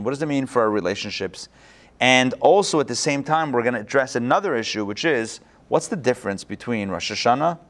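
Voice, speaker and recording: Guy teaching a live online class, chatty and lively, restarts a lot, computer mic sound. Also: mid-range voice.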